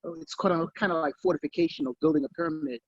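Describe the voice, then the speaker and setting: A man in the audience sharing his own method in an earnest, halting way, heard over muffled video call audio. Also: on the high side, no room sound. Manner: earnest, halting, repeats himself. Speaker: audience member. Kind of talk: casual question-time comment.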